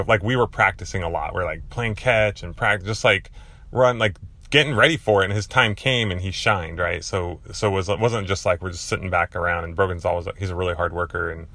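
A man hosting a podcast, telling a long casual story in a rambling way, full of filler words and getting excitable as he goes. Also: low voice, no echo. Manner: excitable, voice jumps up when worked up. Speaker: podcast host.

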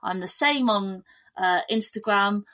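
A woman guest on a podcast, chatting casually in a lively, animated way with frequent restarts. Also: medium pitch, measured pace. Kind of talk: casual chat.

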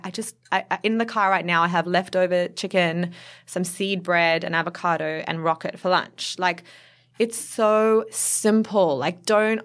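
A woman nutritionist and author, talking as a guest in a casual chat, quick and chatty and laughing often. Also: fairly low pitch, a bit bright.

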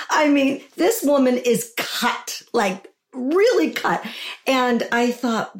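A woman's voice: sits high, big pitch swings, a little slow. A woman hosting a podcast interview, talking in a gushing, emotional, chatty way. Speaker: podcast host.

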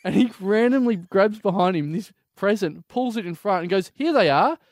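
An Australian man co-hosting a casual comedy podcast, telling stories in an animated, jokey way. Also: high-pitched, normal speed, no room sound, studio quality. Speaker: co-host.

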